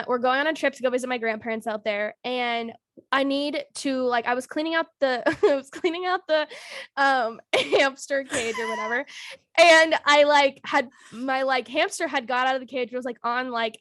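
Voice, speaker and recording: A young woman co-hosting a podcast, telling a story in a casual, animated way, laughing often and shrieking when she acts out quotes. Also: high voice, normal speed, dry recording, studio quality. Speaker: podcast co-host.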